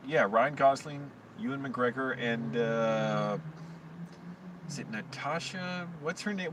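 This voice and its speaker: A man in a casual vlog, rambling in a crude, self-deprecating, tired way. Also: medium pitch. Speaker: vlogger, homeless filmmaker. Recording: distant mic with traffic noise.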